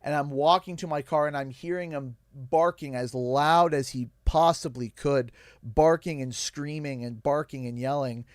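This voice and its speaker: Young canadian guy on stream, choked up and halting, dry close mic. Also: fairly high pitch, dry recording. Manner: halting, emotional, pausing often. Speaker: livestream host. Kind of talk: emotional storytelling on a game stream.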